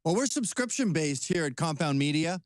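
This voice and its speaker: A man appearing as a guest on a talk show, answering questions in a measured, conversational way. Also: on the high side, lively intonation, no echo.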